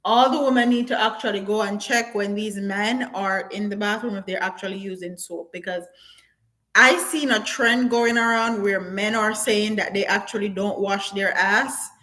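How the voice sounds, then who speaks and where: A woman's voice: medium pitch, steady tone, normal speed, bright, forceful tone, poor audio. A woman, chatting bluntly on a live stream and reading viewer comments aloud, with patois turns of phrase and frequent laughs. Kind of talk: casual live-stream chat.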